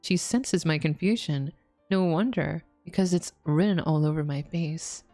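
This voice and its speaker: A woman's voice: deep voice, unhurried, warm tone, soft background music. A woman streamer casually playing a story game, reading its text aloud, laughing often and exclaiming at the twists. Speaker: VTuber streamer.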